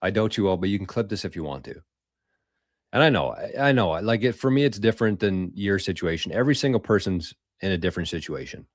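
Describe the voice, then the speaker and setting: A man rambles through a casual live stream, loose and profane as he answers viewers. His voice sits on the low side. The sound is dry and close, with no room around it. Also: animated, fast talker, dry recording. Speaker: podcast host.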